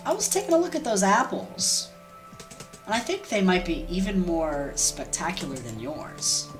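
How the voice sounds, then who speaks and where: A woman voicing a scheming male trickster god who talks fast and wheedles in casual slang. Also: fairly low pitch, sing-song, music in the background, voice pushed up. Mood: coaxing.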